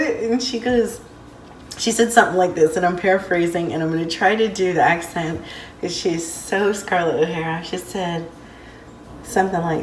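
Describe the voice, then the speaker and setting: A woman's voice: on the low side, normal speed, slight background noise. A woman telling personal stories in a casual vlog, rambling and heartfelt, with many fillers. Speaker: vlogger. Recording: roomy, distant mic, faint ambience.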